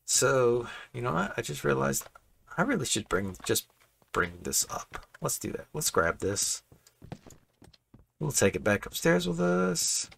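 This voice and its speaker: Chatty gravelly man with a drawl. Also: medium pitch, bright, forceful tone, a little hiss or hum. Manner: rambling, chatty, self-correcting. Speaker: Minecraft building creator. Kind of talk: casual gameplay commentary. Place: home room.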